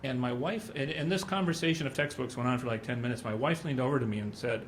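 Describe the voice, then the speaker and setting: A man's voice: medium pitch, fast, a little hiss or hum. A middle-aged man speaking at a symposium, telling anecdotes in a loose, conversational way. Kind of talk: conference talk.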